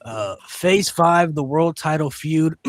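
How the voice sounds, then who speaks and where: Excitable man reading a wrestling list. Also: fairly high pitch, slow, no room sound. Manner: excitable, filler-heavy, many "uh"s. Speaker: podcast host. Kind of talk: casual chat, reading out a list.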